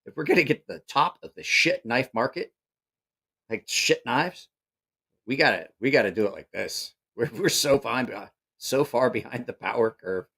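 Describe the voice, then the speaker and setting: A man's voice: medium pitch, animated, normal speed, fairly bright tone, husky. A man hosting a live stream, reacting in incredulous, mocking, profanity-laced rants and laughing at what he sees. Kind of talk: casual live-stream commentary.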